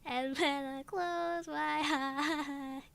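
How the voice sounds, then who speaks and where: A woman's voice: high-pitched, fairly even intonation, extremely slow, gravelly, heavy background noise. A young woman streaming as a VTuber, chatting casually with her viewers in a giggly, gushing way, stretching out her exclamations. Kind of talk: casual live-stream chat.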